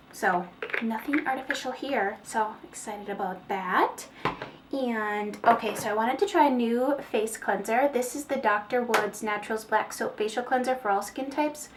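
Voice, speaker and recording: Chatty female vlogger, slightly high voice, faint background noise, rambling home haul talk. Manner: chatty, rambling, with fillers and small laughs. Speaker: beauty vlogger. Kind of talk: casual haul video chat.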